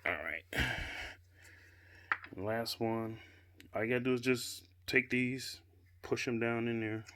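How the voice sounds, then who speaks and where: Putting together a gaming chair at home, a Chicago-area man gives a casual, unscripted product review captured on a handheld camera mic. He talks slowly in a clean, medium-pitched, slightly bright voice, rambling chattily with lots of "you know" and "I guess."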